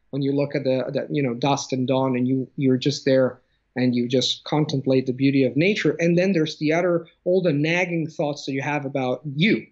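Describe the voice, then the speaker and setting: A man with a slightly high voice explains his ideas in a thoughtful interview, often restarting mid-sentence and reaching for examples. He works as a language coach. His voice comes through a dull, lo-fi video call. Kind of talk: conversational interview.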